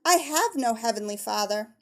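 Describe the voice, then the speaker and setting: A woman voicing a wild, mischievous little girl who is defiant and teasing, speaking high and playful. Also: lively intonation, normal speed, a bit bright. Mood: serious.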